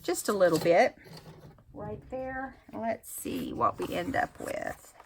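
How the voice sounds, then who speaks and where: A woman's voice: mid-range voice, very animated, takes it slowly, slight background noise. A woman talking casually through a craft tutorial, thinking aloud as she works. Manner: chatty, thinks aloud while working. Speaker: craft vlogger.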